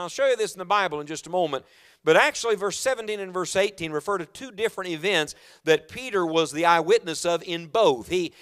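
Clear-voiced preacher swinging hushed to loud. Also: male voice, sits high. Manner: dramatic swings from hushed to loud, asks the congregation questions. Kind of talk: sermon. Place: church auditorium.

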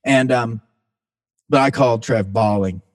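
A relaxed man telling stories as a podcast guest, his voice sitting at a middle pitch. He talks loosely and casually, drops curse words freely, and keeps calling the listener "man" or "dude". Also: measured pace. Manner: laid-back, swears freely, says "man" and "dude" often. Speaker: band singer, podcast guest. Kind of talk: casual storytelling chat.

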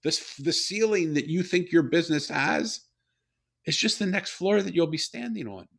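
A man speaking as a guest, telling stories in a slow, earnest, reflective way with repeated phrases. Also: on the high side, expressive, gravelly, fairly bright tone. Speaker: guest, storyteller and author. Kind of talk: reflective conversational storytelling.

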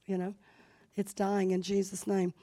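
A woman leading a church service speaks in a warm, mid-range monotone, unhurried in pace. In the sanctuary she chats anecdotally about her family's news, giving a conversational sermon with testimony that lifts into fervent prayer.

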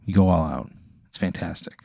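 A man with a lowish voice narrates an improvised comic scenario. He rambles loosely and swears freely. The recording is dry with no room sound. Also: fairly quick, vocal fry, darkish tone, breathy edge, no room sound. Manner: casual, profane, rambling narration. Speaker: host running the hypothetical. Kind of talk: improvised comedic storytelling.

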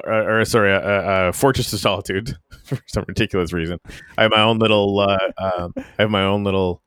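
A man's voice: lowish voice, fairly bright tone, smooth, no room sound, studio quality. A man from the Canadian Arctic hosting a casual podcast chat, rambling with lots of fillers and restarts. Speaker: podcast host.

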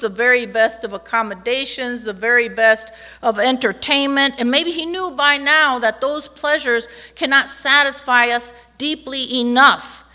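A woman's voice: sits high, sharp tone. A woman pastor preaching a sermon in a church sanctuary, emphatic, leading the congregation in call-and-response. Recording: long church hall reverb.

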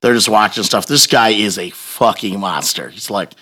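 A man telling a long personal story in casual chat, profane and animated, laughing as he goes. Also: on the low side, normal speed.

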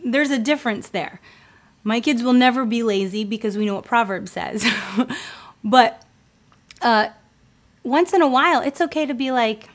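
A woman in her thirties, a homeschooling mother, giving earnest, conversational faith-based advice with frequent fillers. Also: on the high side.

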